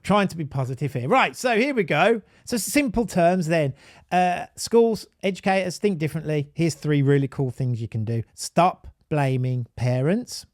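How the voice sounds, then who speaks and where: A man with a Birmingham accent, an autism advisor and parent, talking in an animated, emphatic monologue with frequent restarts and tangents. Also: fairly high pitch, moderate pace, no echo, clean studio sound. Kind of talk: casual live-stream monologue.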